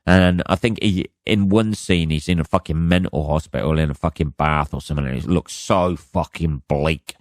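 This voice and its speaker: Hoarse, foul-mouthed man rambling on a podcast. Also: a bass voice, moderate pace, few pauses, no echo. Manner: rambling, swears constantly, jokey asides. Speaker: podcast host. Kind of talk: casual solo podcast monologue.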